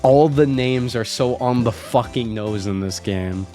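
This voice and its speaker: A man's voice: mid-range voice, a little slow, hardly any pauses, dark tone, faint music behind. Wry sarcastic man narrating gameplay. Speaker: streamer playing a game. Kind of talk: casual let's play commentary.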